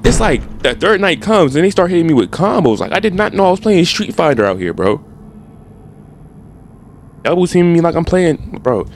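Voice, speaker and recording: A young gaming streamer trash-talks his way through a game in casual, animated commentary full of slang. His voice is slightly high and his pace moderate, with a faint hiss or hum in the audio.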